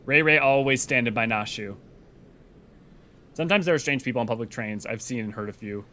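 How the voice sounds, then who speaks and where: A man's voice: medium pitch, brisk, pushed and bright, a little hiss or hum. Rambling, self-mocking man chatting over games. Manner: rambling, self-deprecating, jumpy energy. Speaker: lore channel host. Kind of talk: casual chat while reading a game story.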